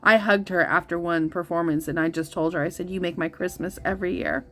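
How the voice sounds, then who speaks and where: A woman's voice: on the low side, fairly even intonation, brisk, sharp tone. A woman in her thirties hosting a casual vlog, rambling with many fillers and restarts, gushing and easily moved. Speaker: tarot channel host. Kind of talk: casual coloring-and-chat vlog.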